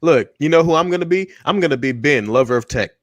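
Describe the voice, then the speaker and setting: A man's voice: a little high, expressive, quick pace, no room sound. A man joking and bantering with laughter on a live panel chat.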